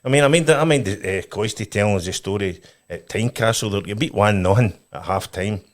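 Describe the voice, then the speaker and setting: A Scottish man, a former footballer, telling animated anecdotes as a podcast guest. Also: on the low side, fairly quick. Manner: animated storyteller, restarts often. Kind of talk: casual chat, telling anecdotes.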